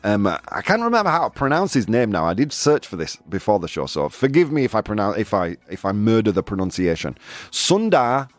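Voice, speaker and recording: A man's voice: lowish voice, big pitch swings, fast, hardly any pauses, no room sound. A man hosting a casual live-streamed news chat, jokey and chatty, laughing often between points. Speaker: show host.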